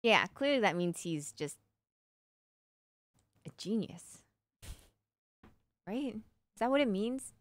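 A young woman talks to her stream audience in an easygoing, playful way, answering their questions and humming little nonsense syllables between thoughts. Her voice is smooth and clean, and she takes her time. The sound is dry and close, with no room echo. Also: medium pitch, big pitch swings, slow, pauses often. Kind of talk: casual live-stream chat, answering viewer questions.

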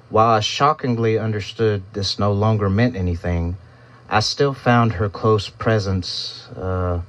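A man narrating a first-person story in a steady, reflective storytelling manner. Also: sits low.

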